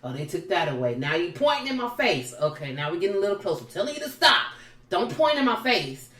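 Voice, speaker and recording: Speaking quickly in a lowish voice, this podcast co-host animatedly recounts reality TV drama in a casual way, performing the voices of those she quotes. She's far from the mic, and the room sound is noticeable.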